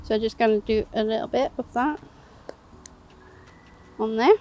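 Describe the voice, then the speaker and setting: A woman with a fairly high, mellow voice speaks at a measured pace. As co-presenter, she chats casually and laughs often while demonstrating how she makes toasties outdoors on a fishing bank.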